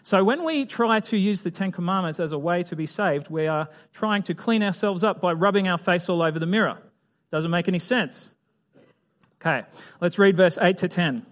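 A man giving a conversational Bible lesson in a fairly high voice. He talks casually and keeps asking his listeners questions. Now and then he acts out little scenes as he teaches. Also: moderate pace. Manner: chatty, asks the audience questions, acts out voices. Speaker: preacher.

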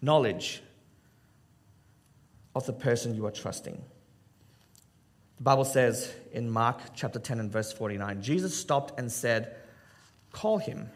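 A man pastor preaching a sermon, joking with the congregation and acting out Bible scenes and everyday skits. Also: mid-range voice. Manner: addresses the congregation with quick asides.

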